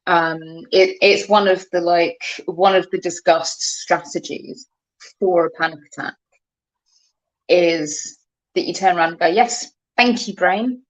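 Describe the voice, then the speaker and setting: A woman's voice: lowish voice, little pitch movement, a little slow, rough recording. A woman in a casual chat who explains ideas and acts out the inner voice of her own thoughts.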